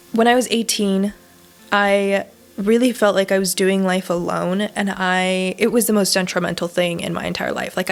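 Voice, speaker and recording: A woman's voice: medium pitch, gravelly. Candid young woman vlogging, casual and emphatic. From Southern California. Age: 20s. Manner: casual, emphatic, frequent swearing and fillers. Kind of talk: candid personal vlog talk.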